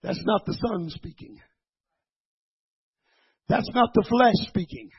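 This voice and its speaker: A preacher man with an unusually high, very raspy voice delivers a sermon. He stumbles and repeats words while explaining, then climbs to fervent shouts. The recording is muffled and lo-fi. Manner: building from calm teaching to shouted fervor; halting, repeats words with many fillers.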